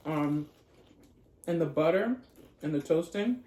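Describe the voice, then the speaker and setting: A playful mukbang host chats casually between bites, describing each taste in detail and talking straight to the viewers. The voice sits at an ordinary middle pitch. The room around it rings noticeably. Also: expressive, slow pace, warm tone. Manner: playful and chatty, addresses viewers as y'all. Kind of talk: casual chat while eating. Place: home room with dogs nearby. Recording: echoey room.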